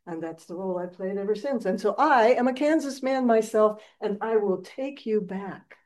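A woman's voice: mid-range voice, lively intonation, moderate pace, darkish tone, lightly acted. A woman playing a humble old wizard. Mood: gentle. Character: humble older male wizard, grand but kindly.

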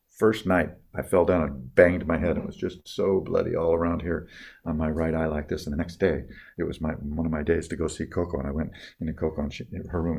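An older man telling personal stories in a reflective talk, halting with many restarts and trailing off softly at tender moments. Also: extremely low pitch, vocal fry, breathy edge. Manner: soft-spoken, dropping quieter on tender moments.

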